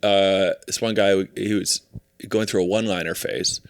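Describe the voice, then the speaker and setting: A man's voice: level tone, normal speed, smooth, no room sound, clean studio sound. A man co-hosting a comedy podcast, chatting casually and playfully with his roommate. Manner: playful, riffs into high silly voices. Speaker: podcast co-host. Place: apartment podcast setup.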